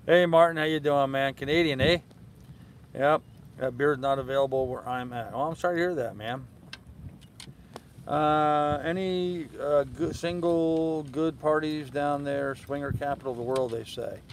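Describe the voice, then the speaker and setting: An older man hosts a live sailing stream outdoors at evening from his boat moored in a harbor, reading out viewer comments and answering with relaxed, filler-heavy rambling. His voice is fairly high at a moderate pace, in a rough recording with slight background noise.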